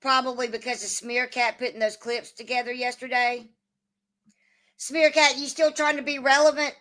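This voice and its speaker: A woman's voice: high voice, little pitch movement, normal speed, fairly bright tone. A woman hosting a casual livestream, swearing often and arguing back at her chat. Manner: profane, combative, answers chat. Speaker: livestream host.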